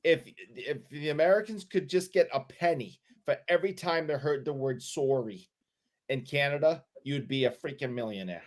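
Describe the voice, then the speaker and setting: A man's voice: fairly high pitch, moderate pace. A man co-hosting a podcast, telling a story in casual chat with a sheepish, stumbling delivery. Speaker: podcast co-host.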